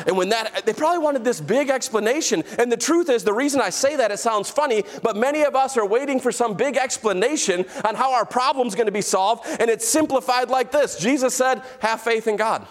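A man preaching a sermon as pastor, emphatic, slowing down to stress key phrases and calling out to the congregation. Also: extremely high pitch, expressive. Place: church sanctuary.

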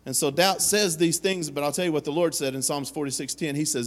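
In a church sanctuary with long hall reverb, a pastor with a slightly high, steady voice preaches briskly. He tells stories in an earnest way and acts out the voices he quotes.

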